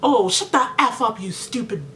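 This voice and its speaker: A woman retelling the words of a rude, insulting female customer who yells at her. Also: fairly high pitch, expressive, normal speed, a little hiss or hum. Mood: sneering, angry. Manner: sneering, abusive.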